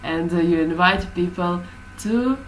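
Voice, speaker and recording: A woman's voice: fairly low pitch, unhurried, a little hiss or hum, rough recording. A woman teaching a class, explaining hesitantly with many fillers.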